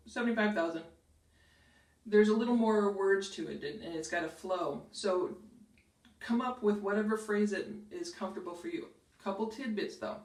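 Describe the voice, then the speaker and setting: Middle-aged female host giving career tips to camera: upbeat, emphatic, recorded with room echo from a distant mic. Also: lowish voice. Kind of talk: direct-to-camera advice video.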